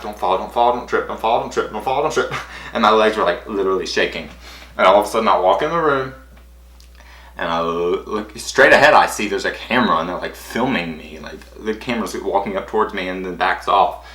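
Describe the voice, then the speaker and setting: A man's voice: low voice, bright, forceful tone. A man eagerly retelling a personal story to camera, rambling and full of "like". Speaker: vlogger. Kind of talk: casual storytelling. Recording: roomy echo.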